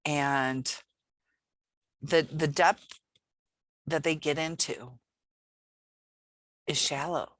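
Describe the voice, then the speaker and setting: A woman's voice: low voice, steady tone, very slow, pauses often, a bit bright, no room sound. A woman host speaking casually to her audience, acting out quoted lines as she goes. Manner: conversational, acts out quoted lines with shifts in tone. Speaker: channel host. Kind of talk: casual talk to camera.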